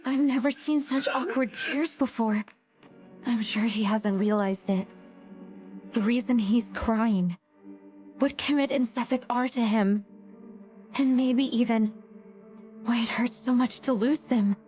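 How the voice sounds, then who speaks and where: A woman voicing a gentle, earnest young queen. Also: fairly high pitch, a little slow, long pauses, highs cut off, soft background music, close to an everyday voice. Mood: solemn. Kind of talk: English anime dub acting.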